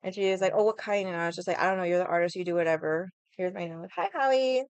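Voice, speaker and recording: Young woman rambling on her livestream, swears a lot, smooth voice, dry close sound. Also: on the low side, quick pace, no echo, highs cut off. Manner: rambling, swears freely, laughs often. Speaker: livestream vlogger. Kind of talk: casual chat with viewers.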